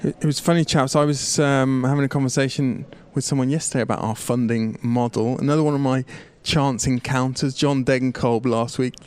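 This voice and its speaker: Animated British man telling an anecdote. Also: brisk, few pauses, smooth. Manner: animated anecdote-telling, voices other people with big pitch jumps. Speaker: podcast co-host. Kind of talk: casual chat, storytelling.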